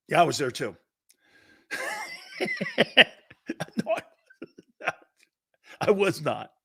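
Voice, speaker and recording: A man's voice: mid-range voice, creaky, breathy edge. A man in his fifties from the northeastern United States, hosting a sports talk show in a casual, joking way and reading out viewer comments. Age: 50s. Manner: animated, joking, quick to laugh.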